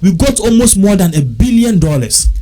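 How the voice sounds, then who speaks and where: A man's voice: high voice, very animated, normal speed, mellow. A man with a Ghanaian accent, talking casually and repetitively, working through figures aloud. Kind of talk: casual talk mixing English and Twi.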